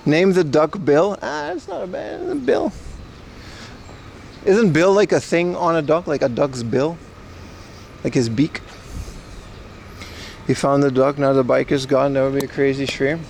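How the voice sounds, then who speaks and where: This thirty-something man hosts a casual livestream outdoors, cycling through the city as he rambles and responds to chat. His slightly high voice is a little mellow with fairly even intonation, a moderate pace and frequent pauses, over a faint hiss or hum.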